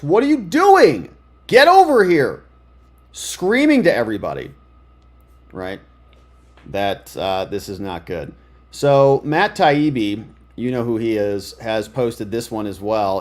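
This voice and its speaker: A man doing live political commentary, sarcastic and excitable as he reads news items aloud. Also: medium pitch.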